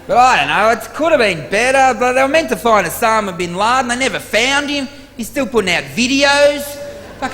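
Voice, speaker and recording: Profane Australian comic in a reverberant theatre. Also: male voice, high voice. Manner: rapid, profane, exasperated storytelling with sudden loud outbursts. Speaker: stand-up comedian. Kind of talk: stand-up comedy routine. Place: large theatre stage before a live audience. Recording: live theatre recording with long hall reverb and audience noise.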